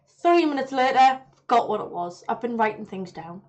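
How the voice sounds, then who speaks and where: A woman hosting a podcast, chatting casually with lively reactions. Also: on the high side, fast talker. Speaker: podcast host. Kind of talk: casual chat.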